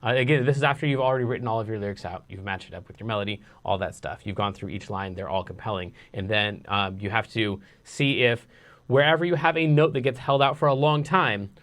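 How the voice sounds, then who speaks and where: A man casually teaching songwriting in a live online lesson, relaxed and rambling with restarts. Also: fairly low pitch, quick pace. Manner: sings nonsense syllables to show rhythm.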